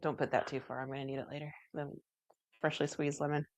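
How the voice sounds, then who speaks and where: A woman's voice: deep voice, flat delivery, fast, dry recording. A woman co-hosting a casual home cooking livestream, chatty and teasing, often giggling. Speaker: cooking show co-host.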